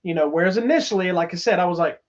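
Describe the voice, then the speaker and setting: A man's voice: high voice, very fast. A man co-hosting a podcast, chatting casually and enthusiastically, rambling with restarts. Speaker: podcast co-host reviewing movies. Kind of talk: casual chat. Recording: slightly dull lo-fi sound.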